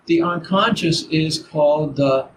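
An older man teaching Zen in a halting dharma talk, full of restarts and "you know"s. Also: on the high side. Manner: halting, repeats words, many "you know"s. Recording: noisy background.

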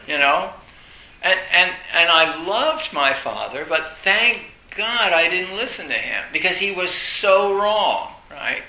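A man giving a Zen dharma talk, telling personal stories in a halting way, restarting words and laughing now and then. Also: high-pitched, animated, bright, forceful tone. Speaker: Zen teacher. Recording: echoey room with faint hiss.

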